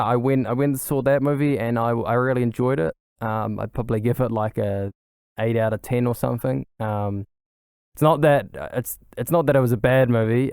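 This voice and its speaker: A man's voice: mid-range voice, a little mellow, smooth, no room sound, studio quality. A young adult man hosting a casual solo podcast, talking in an eager, rambling way with many fillers and restarts. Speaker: podcast host.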